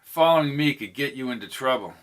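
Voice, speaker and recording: A man's voice: medium pitch, lively intonation, quick pace, lightly acted. A man reading an audiobook, voicing a forward, curious young baseball fan from the 1920s. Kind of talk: audiobook character voice.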